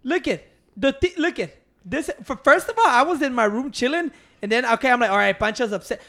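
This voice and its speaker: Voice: mid-range voice, lively intonation, brisk, pushed and bright. A speaker telling a rambling story in casual chat, swearing and acting out what others said.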